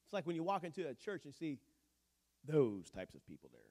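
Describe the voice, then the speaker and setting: Lively, high-pitched joking male pastor. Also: brisk. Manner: animated, joking, conversational preaching. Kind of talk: sermon.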